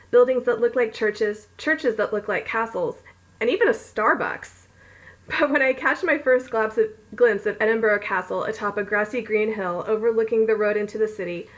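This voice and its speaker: A fairly high-voiced woman reads her own romance novel aloud in a loose, casual way. She keeps stopping to ramble, giggle and poke fun at herself before slipping back into the narration. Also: poor audio. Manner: giggly, rambling, self-mocking asides. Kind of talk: casual read-along with chatty asides.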